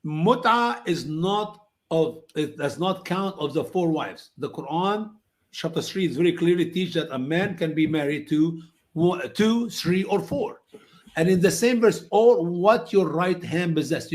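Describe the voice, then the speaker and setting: Emphatic man, high voice, English. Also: measured pace. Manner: non-native English, emphatic, acts out quoted voices high. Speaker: guest answering questions. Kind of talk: animated storytelling answers.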